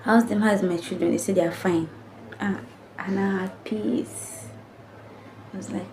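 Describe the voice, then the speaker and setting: A woman's voice: medium pitch, fairly even intonation, moderate pace, long pauses, noisy background. A young adult woman vlogger earnestly retelling a painful personal story to camera, with emotional repetition. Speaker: family vlogger.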